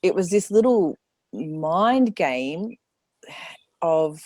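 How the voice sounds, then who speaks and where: A woman's voice: fairly low pitch, animated, very slow, warm tone, dry recording. A woman speaking candidly as a podcast guest in casual conversation, acting out her own inner voice and laughing often.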